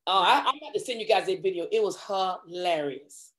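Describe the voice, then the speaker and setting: A middle-aged woman, a comedic actress, telling stories in a casual interview and acting out quotes with lively voice jumps. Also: mid-range voice, brisk. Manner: animated, acts out quotes with big voice jumps.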